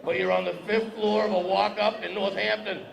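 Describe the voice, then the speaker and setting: A level-toned man with a high voice and vocal fry talks at normal speed. He's doing a stand-up set on an event hall stage with a podium, teasing the live crowd in a cocky, joking way. Echo and crowd noise mark the recording.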